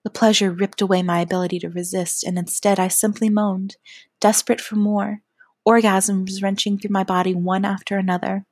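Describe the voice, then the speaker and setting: A woman narrating a first-person adult audio story in a soft, often half-whispered delivery. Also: mid-range voice, level tone, normal speed, no room sound, clean studio sound.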